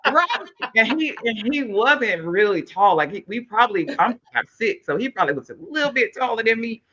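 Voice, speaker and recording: A woman hosting a live online talk show over a video call, effusive and excitable, thanking viewers by name. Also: a little high, moderate pace, husky, dull audio. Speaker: host.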